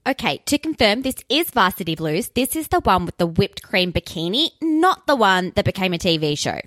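A woman's voice: medium pitch, sing-song, normal speed, fairly bright tone, no echo, studio quality. Chatty sweary Australian woman. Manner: chatty, sweary, sarcastic asides. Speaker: podcast host. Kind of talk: casual ranting podcast monologue.

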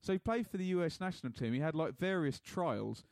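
A man's voice: fairly high pitch, animated, a little fast, a little mellow, no echo. A man co-hosting a podcast in casual chat, jokey and laughing often as he reads out listener messages. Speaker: podcast co-host.

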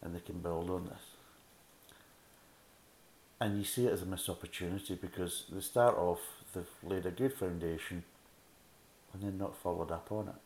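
Scottish man, low voice, blunt and sarcastic, swears freely, casual ranting beer review, echoey room. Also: fairly even intonation, brisk, darkish tone. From Scotland.

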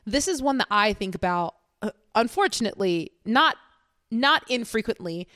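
Animated woman co-hosting a film podcast. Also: normal speed, dry recording, clean studio sound. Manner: animated, acts out quotes with raised pitch, laughs often. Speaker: podcast co-host. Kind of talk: casual film discussion.

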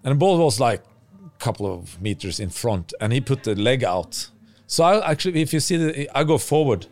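A man who is a former footballer, a guest on a podcast, talking in a relaxed and halting way as he searches for his words. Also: mid-range voice.

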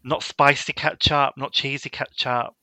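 A man's voice: mid-range voice, level tone, measured pace, pushed and bright, no echo. A young man co-hosting a podcast, teasing and cheeky in casual chat, swearing freely. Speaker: podcast co-host.

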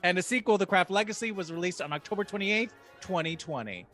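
High-voiced man reading a film summary. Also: expressive, fast, a bit bright, faint music behind. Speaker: podcast co-host. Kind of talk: casual chat and read summary.

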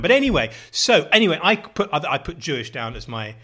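A middle-aged British man chatting casually as a podcast co-host, animated and jokey, swearing freely. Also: on the high side, fairly quick, hardly any pauses. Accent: British English. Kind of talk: casual chat.

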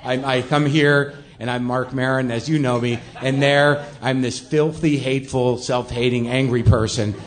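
A middle-aged comedy host works a club stage with a steady, medium-pitched voice, keeping a moderate pace and barely pausing. His stand-up set is a rambling run of self-mockery and heavy swearing.

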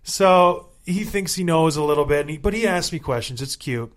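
A man in his thirties, a former hockey player, hosting a podcast in a casual, animated, joking way. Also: fairly high pitch, moderate pace. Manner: animated, joking, self-mocking hype.

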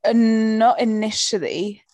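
A young woman co-hosting a casual book chat, with quick jokes and frequent agreeing interjections. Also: on the high side, a little mellow, dry recording. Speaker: podcast co-host.

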